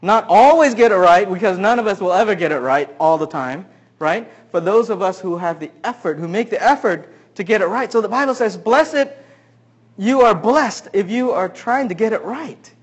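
A middle-aged man, a pastor, preaching a sermon, telling a funny personal story with animated swings between loud punchlines and hushed asides. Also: high-pitched, moderate pace, dull audio.

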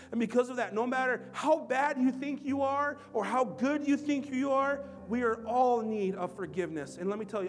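A man's voice: extremely high pitch, normal speed, hardly any pauses, over music. A male pastor preaching a sermon to his church, leaning on emphatic, repeated phrases. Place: church service.

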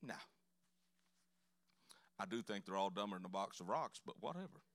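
A man's voice: on the low side, lively intonation, normal speed, a bit bright, dry recording. A man preaching a sermon in a church, telling folksy, joking stories. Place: church sanctuary.

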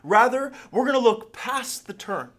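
A man in his thirties, a pastor, giving an animated sermon-style talk, telling stories and restarting his sentences now and then. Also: very high-pitched, a little slow. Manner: animated, storytelling, self-correcting.

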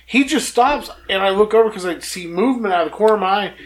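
High-voiced guy telling a story. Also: fast, crowd noise, low-quality recording. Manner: storytelling, swears a lot. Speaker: podcast co-host. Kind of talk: casual chat.

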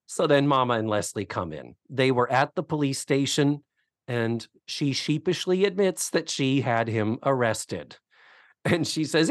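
A man co-hosting a podcast, casually recapping a TV episode with animated storytelling. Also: medium pitch, a little slow, no echo, studio quality. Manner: animated storytelling, acts out quotes. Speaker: podcast co-host.

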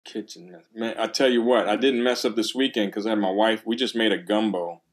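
Man, percussion teacher, casual animated storyteller on a podcast. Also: fairly low pitch, brisk.

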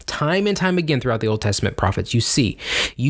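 A man's voice: mid-range voice, very animated, quick pace. A man teaching on baptism in a casual, conversational way, often checking in with "right?" and restarting his sentences. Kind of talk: informal teaching talk.

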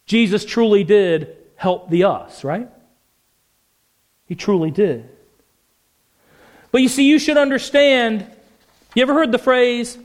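A male preacher whose voice is very high for a man delivers a passionate sermon slowly, with long pauses. He drives his points home with emphatic phrasing and repeatedly puts questions to his listeners.

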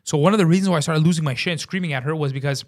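Animated swearing storyteller man. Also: a little high, rapid-fire. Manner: animated, heavy swearing, says "bro" a lot, acts out his own shouting. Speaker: podcast host. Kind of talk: casual storytelling.

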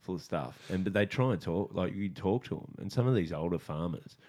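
A man's voice: low voice, expressive, a little fast, darkish tone, husky. An Australian man from the countryside hosting a podcast, telling chatty anecdotes and laughing often. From rural Australia. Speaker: podcast host. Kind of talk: casual chat.

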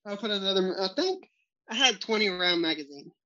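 A man's voice: high voice, lively intonation, brisk, bright, forceful tone. Guy spinning wild hunting yarns on a podcast, laughs a lot, acts out the quotes, kinda muffled lo-fi sound. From Texas. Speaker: podcast guest, hog hunting outfitter. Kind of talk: storytelling in a podcast interview. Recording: muffled lo-fi recording.

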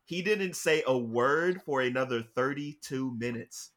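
A man co-hosting a casual movie review chat, measured and building his points with details. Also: medium pitch, a bit bright. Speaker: podcast co-host.

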